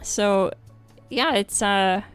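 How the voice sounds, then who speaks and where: A woman's voice: medium pitch, extremely slow, smooth, faint music behind. A woman with a French accent chatting casually on a game livestream, with lots of fillers and laughter. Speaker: streamer.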